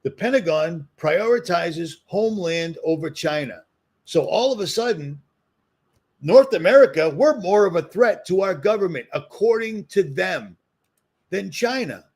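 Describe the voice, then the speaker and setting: A man's voice: sits high, expressive, measured pace, darkish tone, slightly rough. A man with a Boston accent, ranting heatedly in a solo commentary video and repeating his points for emphasis. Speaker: commentary vlogger.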